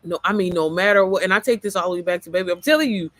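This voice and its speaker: A woman with a worn, slightly hoarse voice, chatting casually and motivationally on a livestream, rambling, getting sidetracked and swearing freely. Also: on the low side, rapid-fire, no room sound. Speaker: mom entrepreneur livestreamer.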